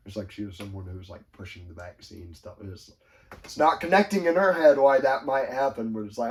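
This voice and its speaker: A man hosting a podcast, talking in a rambling, animated way with quick asides and quoted voices. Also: fairly low pitch. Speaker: podcast host. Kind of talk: casual chat.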